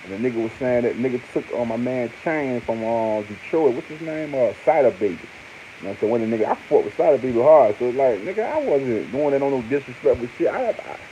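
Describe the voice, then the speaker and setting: Animated man, lively slang-heavy rant. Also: fairly quick. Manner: animated, swings to high exclaims, heavy slang and repeated fillers. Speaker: online commentator. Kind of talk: casual monologue on hip hop news. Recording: muffled lo-fi with faint hiss.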